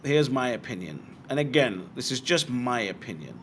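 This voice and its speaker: A man's voice: mid-range voice, moderate pace, slight background noise. A young man from Britain hosting a livestream, answering viewer questions in blunt, casual chat with plenty of swearing. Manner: blunt, swearing, animated asides. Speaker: bitcoin livestream host.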